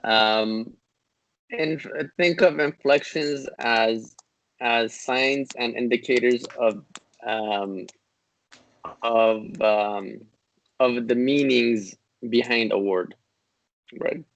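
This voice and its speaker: A man teaching a classical Arabic grammar lesson on a video call, explaining patiently with many fillers and restarts, and reciting Arabic text in quick bursts. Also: medium pitch, rough recording. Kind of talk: online class lecture.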